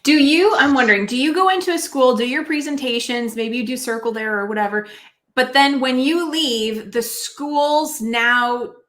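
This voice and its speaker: A woman hosting an interview, feeling her way through a question and adding to it as she goes. Her voice is fairly high, and it rings with a roomy echo. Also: normal speed, fairly bright tone. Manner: searching, thinks aloud mid-question. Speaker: podcast host.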